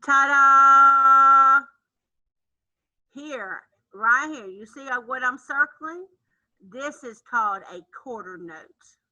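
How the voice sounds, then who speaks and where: A woman music teacher leading an online lesson for young children, chanting syllables in an animated, sing-song voice. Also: a little high, slow pace, dull audio. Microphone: computer mic on a video call.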